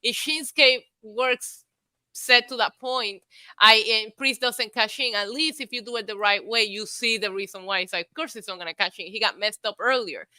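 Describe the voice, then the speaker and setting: A woman's voice: on the high side, normal speed, sharp tone, no room sound. A woman co-hosting a podcast in casual chat, talkative and analytical. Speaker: podcast co-host.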